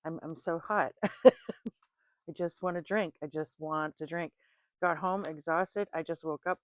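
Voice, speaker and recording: A woman's voice: low-pitched, steady tone, measured pace, no room sound, clean studio sound. A woman in casual chat who reads tarot cards, talking chattily and laughing often between remarks. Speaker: tarot reader.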